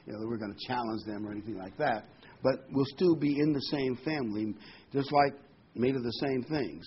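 A man's voice: mid-range voice, a little hiss or hum. A man preaching a sermon in a conversational teaching manner, reading scripture and adding asides. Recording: dull lo-fi recording.

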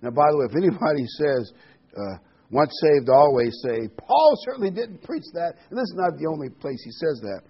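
Man preaching, husky voice, lively rising and falling delivery, dull lo-fi recording. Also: a little high, brisk. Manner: reads scripture aloud, tells jokes, stresses key words. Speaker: pastor. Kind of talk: Bible study sermon.

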